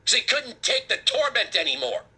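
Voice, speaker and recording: Male talk host, high and sharp-toned, husky, ranting with sarcasm. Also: sing-song, moderate pace. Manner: heated, sarcastic, emphatic. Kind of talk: political commentary rant.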